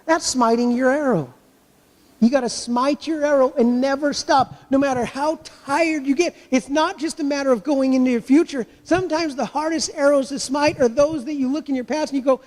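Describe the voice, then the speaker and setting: Here the same kind of high-voiced pastor works through his sermon with rhetorical questions and dramatized inner thoughts, his tone a little mellow. The church carries his words off in a long, lingering reverb.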